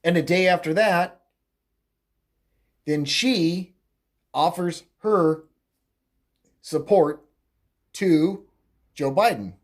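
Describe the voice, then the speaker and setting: Extremely slow with long pauses, a medium-pitched political commentary host gives an opinionated solo rant. It's mocking and crude, rambling with fillers and self-corrections, punctuated by laughter at his own jokes.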